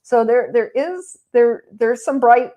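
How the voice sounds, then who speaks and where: A woman's voice: fairly high pitch, slow pace, muffled recording. A woman co-hosting a casual chat, telling a personal story with frequent laughs. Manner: warm storytelling, laughs often.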